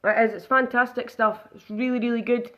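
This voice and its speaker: A woman's voice: fairly high pitch, flat delivery, fairly quick, fairly bright tone. A woman chatting casually through a live makeup demonstration, narrating each step aloud.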